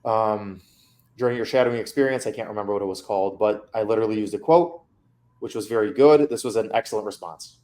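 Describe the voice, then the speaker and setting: A man's voice: on the low side, fast talker, darkish tone. A man coaching a student through feedback on her mock interview, candid and casual.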